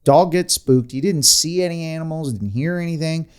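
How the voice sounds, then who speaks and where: A man hosting a podcast, telling a story in casual chat with animated delivery, rambling asides and frequent laughs. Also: fairly high pitch, normal speed, clear, resonant tone. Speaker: podcast host.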